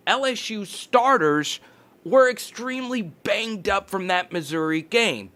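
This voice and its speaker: A man hosting a sports channel, giving energetic, fast-talking commentary and sometimes correcting himself mid-sentence. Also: a little high.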